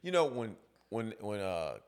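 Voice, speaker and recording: A middle-aged man hosting a casual podcast chat, relaxed and chuckling, often repeating his agreement. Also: lowish voice, a little slow, clear, resonant tone. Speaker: podcast host.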